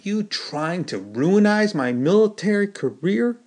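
A man voicing a hot-tempered, wild-eyed male soldier who shouts in a raised, strained voice. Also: medium pitch, very animated, moderate pace. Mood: furious. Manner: shouting, hopping mad.

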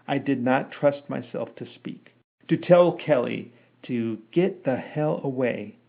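A man narrates a novel chapter in a slow, measured reading voice. The sound is thin and tinny, as if it came through a phone line. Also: medium pitch, gravelly. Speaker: podcast narrator reading his own novel. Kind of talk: audiobook narration.

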